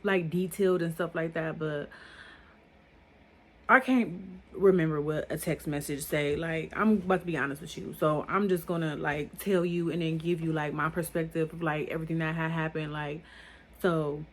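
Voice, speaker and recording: Young woman, storytime vlog, rambling casual talk, lots of fillers, lowish voice. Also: steady tone, normal speed.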